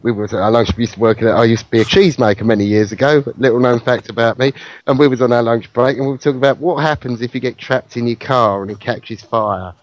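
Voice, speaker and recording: A man's voice: mid-range voice, fairly even intonation, fast talker, no echo, poor audio. A man on a football fan podcast, telling a rambling anecdote.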